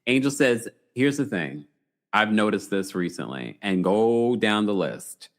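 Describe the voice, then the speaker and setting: A man hosting a casual live recap show who reads out viewer comments, laughs often and reacts with animated surprise. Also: lowish voice, a little slow. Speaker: podcast host reading live chat. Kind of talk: casual reality-TV recap chat.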